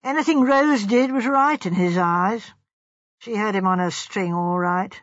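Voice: mid-range voice, unhurried, fairly bright tone, dry recording, lo-fi sound, natural voice. A reader voicing a blunt, matter-of-fact village police inspector in an audiobook. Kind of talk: audiobook character voice.

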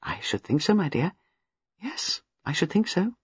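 A reader voicing a placid, brisk elderly lady who speaks with gentle politeness, in an audiobook. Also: lowish voice, sing-song, slightly rough, no room sound, dull audio, exaggerated voice. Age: older. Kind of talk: audiobook character voice.

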